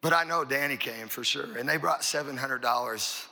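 A man's voice: mid-range voice, normal speed, vocal fry, bright, forceful tone. A middle-aged man, a pastor, telling a long folksy story in a sermon, rambling and repeating his words.

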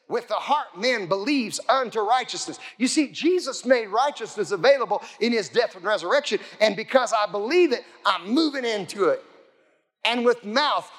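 A middle-aged male pastor preaching a sermon, fervent and often shouting, calling out for amens from the congregation. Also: high-pitched.

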